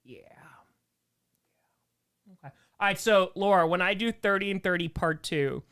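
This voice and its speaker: A man's voice: high voice, unhurried, fairly bright tone, smooth. A young man hosting a casual livestream Q&A, reading comments aloud with sarcastic jokes and frequent laughs. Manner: joking, sarcastic, laughs often. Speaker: streamer hosting a members Q&A.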